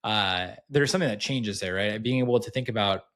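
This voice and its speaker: A man in his thirties co-hosting a podcast, chatting casually and telling animated stories with lots of restarts. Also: on the low side, a little fast. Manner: animated storyteller, many restarts. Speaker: podcast co-host. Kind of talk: casual chat.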